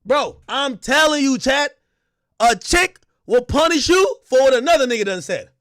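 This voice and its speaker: A man streaming live, telling stories loudly and animatedly, acting out quotes and laughing often. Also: very high voice, lively intonation, normal speed. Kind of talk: livestream commentary.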